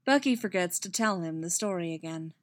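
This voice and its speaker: A woman reading a story aloud as narrator, wry and expressive. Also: lowish voice, fairly quick, dry recording.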